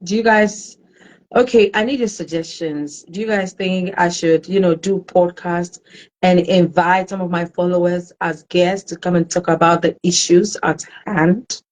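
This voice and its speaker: A woman hosting a live-streamed talk show, greeting viewers by name and chatting in a warm, emotional way. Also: fairly low pitch, fairly even intonation, a little slow, low-quality recording. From Ghana. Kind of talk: casual live-stream chat.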